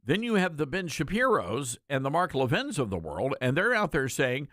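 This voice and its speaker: Man with a lively, expressive voice. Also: on the high side, moderate pace, few pauses, dry recording, studio quality. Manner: emphatic, repeats words for stress; conversational, addresses listeners directly. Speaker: talk show host. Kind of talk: political commentary monologue.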